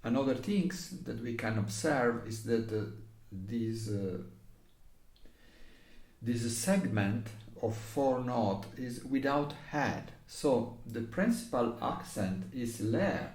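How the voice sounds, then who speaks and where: A man with an Italian accent and non-native English explains how to phrase a recorder piece, sometimes hesitating and singing passages on syllables. His mid-range, slightly mellow voice is animated but slow, heard in an echoey room.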